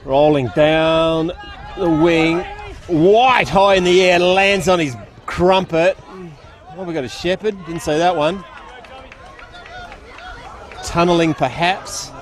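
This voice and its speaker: A man's voice: fairly high pitch, fairly even intonation, slow pace, pauses often, some chatter behind. A man with an Australian accent giving live play-by-play commentary at a country football ground, chatty and full of local slang.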